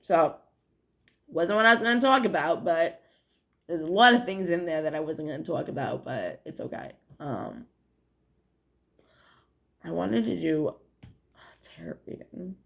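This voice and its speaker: A young vlogger with a New England accent speaks unhurriedly, her lowish voice animated, creaky, and fairly bright, with long pauses. She meanders through a casual monologue to camera, using "like" and swear words heavily and laughing frequently.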